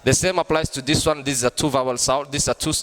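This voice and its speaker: A man teaching an online grammar lesson, explaining slowly and repeating himself. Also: medium pitch, fairly even intonation, a bit bright, in a large hall. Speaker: English teacher.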